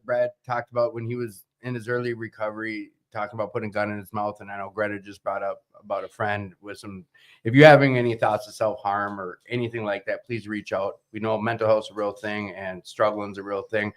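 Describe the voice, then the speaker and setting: A man hosting a casual recovery talk show, excitable and quick to swear and laugh. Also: lowish voice. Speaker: podcast host.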